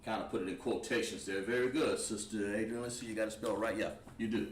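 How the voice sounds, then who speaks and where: A man teaching a Hebrew class at a board, patient and encouraging, repeating words slowly. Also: fairly low pitch, steady tone, a little hiss or hum. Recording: echoey room, voice from far off.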